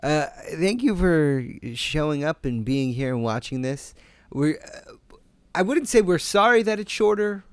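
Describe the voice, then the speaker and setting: A man's voice: fairly high pitch, lively intonation, a little slow, clear, resonant tone. A man co-hosting a casual chat show over a remote call, laid-back, swearing freely and laughing often. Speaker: podcast co-host. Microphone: remote call, in another city from the co-host.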